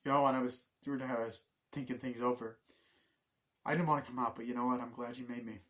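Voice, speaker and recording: A young man giving a casual spoken film review, rambling, swearing often and acting out scenes in quick quoted voices. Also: mid-range voice, steady tone, a bit bright. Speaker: movie reviewer.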